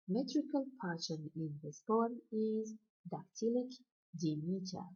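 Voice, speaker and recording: A woman's voice: medium pitch, dark tone, husky. A woman lecturer giving a methodical, step-by-step recorded video lecture. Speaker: literature lecturer. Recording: dull lo-fi recording.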